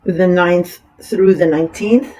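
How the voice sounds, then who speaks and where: An astrologer with a cold and a raspy voice, giving a casual horoscope reading that rambles, with many fillers and restarts, and often apologizing. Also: medium pitch, fairly even intonation, unhurried, dark tone, low-quality recording. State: has a cold.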